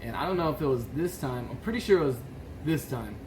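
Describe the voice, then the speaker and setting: A man's voice: mid-range voice, lively intonation, fast, a little mellow, a little hiss or hum, low-quality recording. A man co-hosting a podcast, telling a story in a rambling way, laughing often and acting out what others said. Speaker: podcast co-host. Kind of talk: casual chat.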